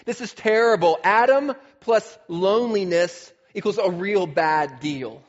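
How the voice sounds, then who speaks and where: A man voicing God, proclaiming loudly and emphatically that something is terrible. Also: high-pitched, measured pace. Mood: emphatic. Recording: dull recording with long hall reverb.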